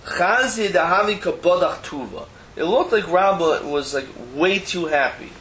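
A man's voice: high voice, normal speed, fairly bright tone. A man teaching a Talmud class, explaining the text line by line with Hebrew terms and casual asides. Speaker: Torah teacher. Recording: roomy echo, faint background noise.

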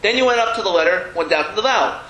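A man's voice: high voice, lively intonation, rapid-fire, pushed and bright, reverberant, poor audio. A man teaching a Hebrew reading class, chatty and self-deprecating, often restarting his sentences. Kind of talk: classroom lesson. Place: classroom with a board.

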